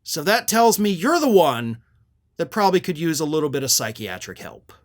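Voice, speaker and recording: A man with a high voice hosts a political commentary show. He talks in an indignant, sarcastic way and quotes his opponents at length before picking them apart. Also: big pitch swings, moderate pace.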